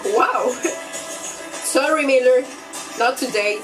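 A woman's voice: high voice, extremely slow, over music. A woman casually reacting to a TV episode, exasperated and swearing at the characters. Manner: exasperated, swearing, laughing at the screen. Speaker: reaction video host.

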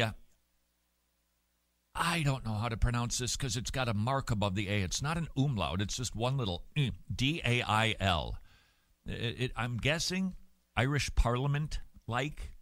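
A man hosting a Christian talk show, giving opinionated commentary in an animated, sarcastic way with jokey asides. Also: mid-range voice, dry recording. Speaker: radio host.

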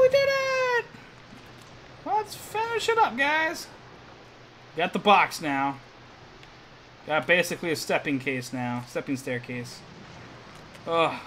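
A man's voice: fairly high pitch, sharp tone, a little hiss or hum, poor audio. A man hosting a let's play, commenting on his gameplay and groaning in frustration as he keeps failing. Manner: frustrated, groaning and muttering at the game.

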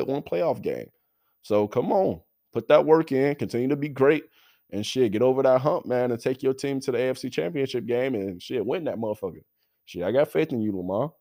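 A young man hosting a sports podcast in casual talk, swearing freely and calling out players and fans directly. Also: mid-range voice. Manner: profane, animated, talks straight to players and fans.

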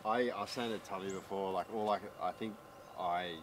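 Low-voiced angler, outdoors noise. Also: male voice, steady tone, a little fast, recorded from a distance. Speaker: fellow tournament angler. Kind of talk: casual chat.

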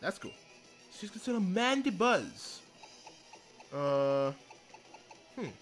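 Excitable young man narrating his gameplay. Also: high voice, takes it slowly. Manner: excitable, swears, apologizes a lot. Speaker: let's play gamer. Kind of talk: casual gameplay commentary. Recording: game music behind the voice. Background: faint game music.

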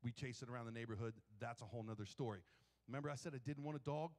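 A male pastor preaching a sermon in a church, telling stories in an animated, joking way. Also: medium pitch, rapid-fire. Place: church sanctuary. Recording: long hall reverb.

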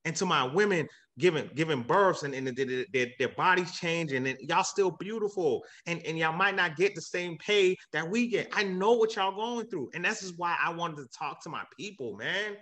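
A man's voice: a little high, normal speed, few pauses, a bit bright. A man who works as a real estate agent, giving a hyped, emotional motivational talk on a livestream. He repeats himself often and cheers people on. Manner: hyped, repetitive, cheering on donors; earnest and emotional when preaching.

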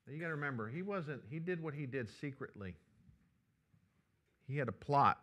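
A male pastor, preaching a sermon and telling a personal story in a lively, conversational way. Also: lowish voice, a little fast.

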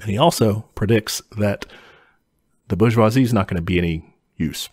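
A man's voice: lowish voice, moderate pace, a little mellow, husky, no room sound, clean studio sound. A man co-hosting a casual podcast, telling history in a laid-back way with chuckles and casual swearing. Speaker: podcast co-host explaining history.

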